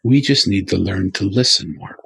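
A man's voice: low voice, normal speed, vocal fry, a bit bright, husky, no echo. A man speaking earnestly as an interview guest, telling a story with repeated emphatic phrases.

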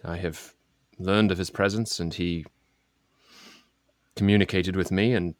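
Man playing a solemn adventurer, formal, deep low voice, dry sound. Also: steady tone, a little slow, dry recording. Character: earnest male adventurer, grave and formal. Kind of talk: tabletop role-play in character.

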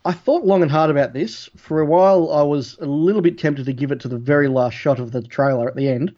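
A man co-hosting a podcast, giving a measured, thoughtful opinion of an episode. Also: fairly high pitch, mellow. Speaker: podcast co-host. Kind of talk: casual review chat. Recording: dull lo-fi audio.

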